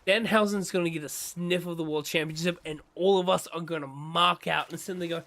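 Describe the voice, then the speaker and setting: A man's voice: on the high side, fast talker, hardly any pauses. A man on a casual game stream, ranting passionately and playing out other people's reactions. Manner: impassioned wrestling rant with excited mimicry. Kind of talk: casual gaming stream chat.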